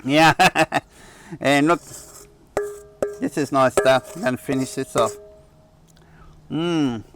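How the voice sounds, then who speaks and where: A man's voice: medium pitch, takes it slowly, music in the background. A man hosting a camping vlog outdoors, chatting in a casual, rambling way and restarting his sentences. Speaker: camping channel host. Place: outdoor campsite on a cattle property.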